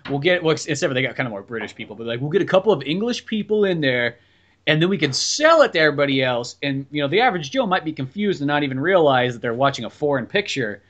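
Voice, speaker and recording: A man with a slightly high voice talks fast while co-hosting a podcast about movies. He chats casually and rambles in a lively, good-humored way, dropping chuckling asides.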